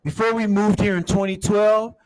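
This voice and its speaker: A man's voice: high voice, little pitch movement, moderate pace, a little mellow. A man hosting a casual livestream, rambling while showing a map and talking to viewers as everybody. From United States. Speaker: show host.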